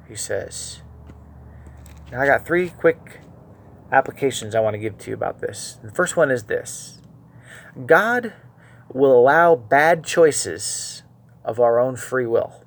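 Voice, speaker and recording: A man preaching a verse-by-verse Bible teaching, earnest, moving between quiet asides and emphatic, stressed lines. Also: medium pitch, lively intonation, slow, creaky, long pauses.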